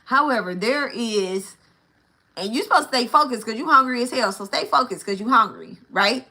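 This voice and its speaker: Woman, spiritual teacher, bright ringing voice, casual and profane, repeats herself for emphasis. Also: fairly high pitch, moderate pace. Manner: blunt and profane, with frequent checks of "right?" and "okay?"; repeats key phrases for emphasis.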